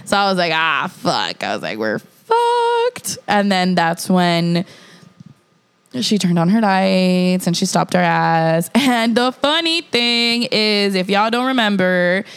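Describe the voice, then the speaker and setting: A woman's voice: mid-range voice, unhurried, clear, resonant tone. A young woman, telling a story in a casual chat. She swears freely and says "like" a lot. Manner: animated storytelling, profane, heavy use of "like".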